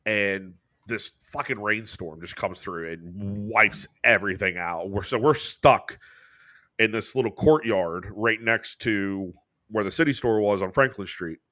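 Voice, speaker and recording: An American man co-hosting a podcast, telling a story in casual chat with swearing and quick jumps in pitch when he quotes people. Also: sharp tone. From United States. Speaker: podcast co-host.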